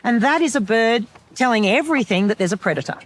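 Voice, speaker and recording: An Australian woman chatting as a podcast guest, explaining with lively energy and breaking into bird-call imitations. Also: on the high side, fast talker. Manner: animated explainer who imitates bird calls. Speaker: podcast guest, wilderness survivor. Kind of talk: casual chat.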